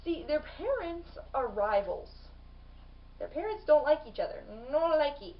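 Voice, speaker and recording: A woman's voice: sits high, very animated, moderate pace, far from the mic, muffled recording. A young woman chatting casually in a book vlog, bubbly and full of fillers and restarts. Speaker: book vlogger.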